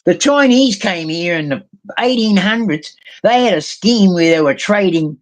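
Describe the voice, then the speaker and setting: A man's voice: high-pitched, lively intonation, normal speed. A man with a mixed New Zealand and Australian accent, talking heatedly in a casual voice chat, swearing often and trailing off into fillers. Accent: New Zealand and Australian mix. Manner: heated, rambling, swears a lot, many fillers. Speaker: guest in a live voice chat.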